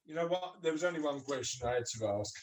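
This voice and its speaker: A man's voice: fairly high pitch, expressive, fast talker. A man hosting a podcast in casual chat, playful and teasing, often laughing. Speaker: podcast host.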